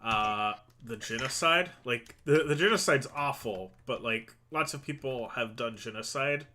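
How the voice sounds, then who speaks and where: A man's voice: mid-range voice, unhurried, pushed and bright. A man co-hosting a podcast in casual chat, provocative and joking. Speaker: podcast co-host.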